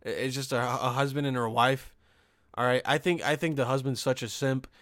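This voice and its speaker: A man's voice: medium pitch, fairly even intonation, normal speed, fairly bright tone, no room sound, studio quality. A young man hosting a podcast, ranting casually and profanely with lots of restarts and sarcastic asides. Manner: frequent restarts and "okay?" asides. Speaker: podcast host.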